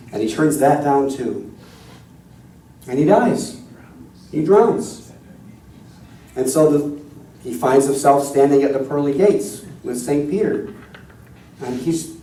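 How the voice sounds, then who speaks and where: A male minister gives a conversational, self-deprecating sermon. His voice is warm and mellow. It is picked up from a distance in a large, echoey church hall. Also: medium pitch, lively intonation, slow pace, long pauses. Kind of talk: sermon with storytelling.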